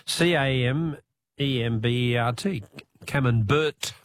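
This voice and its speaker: A man's voice: medium pitch, a little slow, no room sound. A man hosting a talkback radio quiz, joking, punning and spelling out answers.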